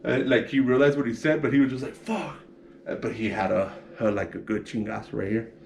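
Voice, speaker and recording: Gravelly man telling a rowdy story. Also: mid-range voice, quick pace, slight background noise. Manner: animated, acts out punches with sound effects, swears a lot. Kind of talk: casual storytelling.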